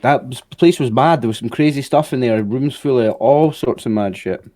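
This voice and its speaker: A man's voice: mid-range voice, normal speed, mellow. Scottish man, player, casual banter, easygoing. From Scotland. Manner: easygoing, says "mate". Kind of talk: casual chat at a tabletop game.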